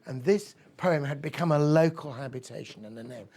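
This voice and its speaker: A man's voice: a little high, brisk, mellow, breathy edge. A man giving a talk, rambling and enthusiastic, telling a personal story and reading poetry aloud. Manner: rambling, enthusiastic, many fillers. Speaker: speaker at a weekend of talks.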